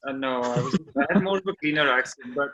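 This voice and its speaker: A young man from India, a guest on a podcast, speaking in casual chat. He talks in a reflective, measured way, with hesitant pauses. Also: medium pitch, pushed and bright, dull audio. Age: young adult.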